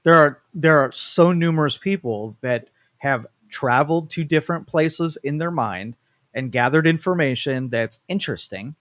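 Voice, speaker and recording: A man's voice: fairly high pitch, moderate pace, fairly bright tone, no room sound. A man co-hosting a live talk show, thinking aloud at length and restarting his sentences as he explains his views. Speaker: co-host. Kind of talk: casual talk show discussion. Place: studio.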